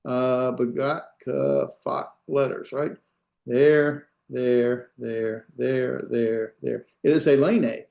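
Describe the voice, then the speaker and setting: A male instructor lecturing to an online class at a medium pitch. He explains patiently and keeps checking in with his students by asking "right?" His voice carries the roomy echo of a hard-walled space. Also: lively intonation, takes it slowly, gravelly, darkish tone.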